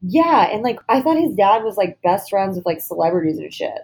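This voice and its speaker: A woman's voice: mid-range voice, big pitch swings, fairly quick, a little mellow, slightly rough. A woman co-hosting a podcast in casual chat, sarcastic and blunt, swearing freely. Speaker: podcast co-host.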